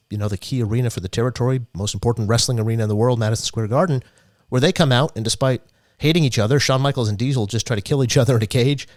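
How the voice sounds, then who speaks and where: A man's voice: mid-range voice, no room sound, studio quality. A man co-hosting a podcast, explaining the history at length with frequent restarts. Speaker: podcast co-host. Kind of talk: podcast commentary.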